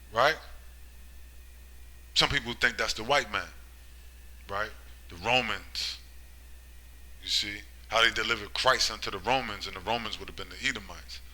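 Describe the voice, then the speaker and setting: A religious commentator preaches a monologue in a bright, forceful voice, constantly asking "right?" and "you see?". He lurches between loud, emphatic bursts and low muttering, and the audio quality is poor.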